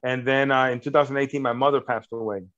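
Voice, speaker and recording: A middle-aged American filmmaker and actor speaks fast in a medium-pitched, slightly bright voice with fairly even intonation during a casual interview. He comes across as earnest and rambling, with many fillers and restarts, and the audio is dull and lo-fi.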